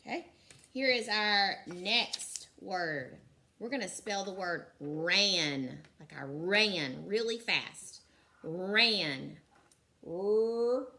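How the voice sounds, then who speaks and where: A woman teaches young children to read, sounding out each letter with slow, clear care. She praises often in a bright, lively tone. Her pace stays unhurried throughout. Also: lowish voice. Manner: encouraging. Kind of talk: recorded phonics lesson for young children.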